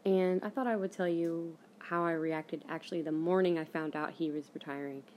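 A woman's voice: low voice, fairly even intonation, normal speed, a little mellow, slight background noise. A young woman hosting her own podcast, telling a personal story in a rambling, casual way with lots of fillers. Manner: rambling, frequent fillers and restarts. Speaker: podcast host.

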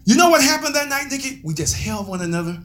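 A man pastor telling a story in a sermon, animated and laughing as he calls out to his members. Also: extremely high pitch, quick pace.

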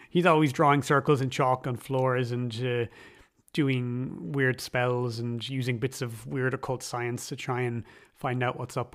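A man's voice: medium pitch, a bit bright. Man rambling through a film recap. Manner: enthusiastic, rambling with restarts and quoted dialogue. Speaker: film reviewer. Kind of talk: casual film commentary.

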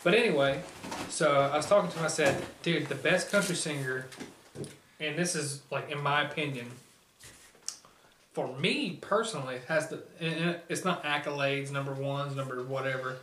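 A man's voice: a little high, moderate pace, fairly bright tone. Rambling man chatting casually. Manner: rambling, filler-heavy, swears casually. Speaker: podcast co-host. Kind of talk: casual chat. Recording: echoey room, mic at a distance, faint noise.

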